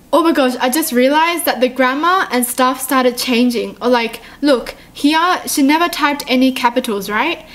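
A woman with a high voice chats through a creepy text story in casual reaction commentary. She is excitable, gasps often and fills her talk with quick questions and fillers. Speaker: YouTuber reading a chat story.

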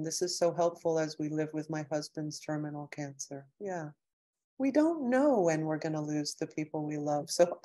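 A woman's voice: low-pitched, warm tone. A middle-aged woman lecturer on a video call, reading audience comments aloud and answering them in a heartfelt, emotional way. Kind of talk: warm closing of an online lecture, reading chat comments.

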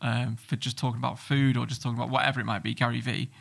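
A middle-aged man with a gravelly, fry-edged voice. He speaks bluntly and swears freely, telling stories in an animated way as a podcast guest. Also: mid-range voice, rapid-fire. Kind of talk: casual podcast chat.

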